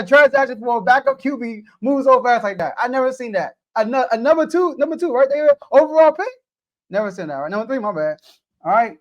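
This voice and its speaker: A man from the United States hosting a sports podcast, debating casually and animatedly and talking straight to the players. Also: extremely high pitch.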